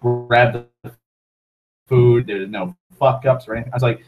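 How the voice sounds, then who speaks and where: A man's voice: mid-range voice, steady tone, normal speed, music in the background, rough recording. A man telling a long, exasperated story about a bad restaurant meal, swearing constantly and acting out both sides of the conversation. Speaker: vlogger. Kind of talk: profane storytelling rant.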